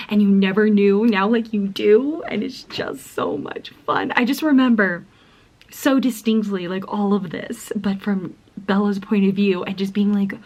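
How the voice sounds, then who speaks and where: A woman's voice: fairly high pitch, normal speed, darkish tone, slightly rough. A young woman chatting casually in a reading vlog, gushing and giggly, full of "like" and often dropping into a whisper. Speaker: book vlogger.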